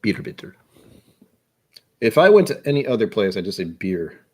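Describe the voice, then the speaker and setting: A man's voice: fairly low pitch, sing-song, a little fast, a little mellow, husky. Self-deprecating American man musing aloud. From United States. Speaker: whiskey channel host. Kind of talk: casual rambling monologue.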